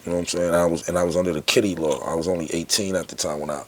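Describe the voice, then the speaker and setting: A man's voice: sits low, racing, background noise. A man in his forties from Harlem with a New York accent, a podcast guest telling stories casually and acting out the people he quotes. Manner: animated, acts out quoted people with raised voice. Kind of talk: casual storytelling.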